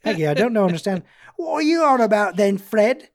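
A boisterous young British brother with a jovial, laddish way of teasing, as a man puts on the accent. His voice rises a little higher and louder than plain talk. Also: big pitch swings, brisk. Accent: British (put on).

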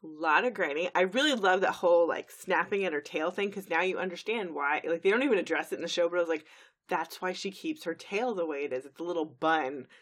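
A woman co-hosting a podcast in casual chat, talking quickly and saying "like" a lot. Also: on the low side, fairly bright tone. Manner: quick, chatty, lots of "like"s, laughs easily. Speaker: podcast co-host.

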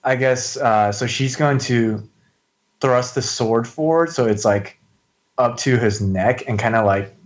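A man describing his character's actions in a tabletop game in a halting way, full of fillers. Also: mid-range voice. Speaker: player. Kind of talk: casual tabletop game play.

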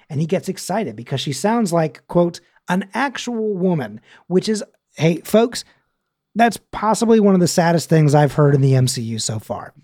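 A man's voice: fairly high pitch, a little mellow, slightly rough. A man hosting a podcast, reading out a scene recap in a chatty, wry way and laughing at his own jokes into a podcast microphone. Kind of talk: casual chat and recap reading.

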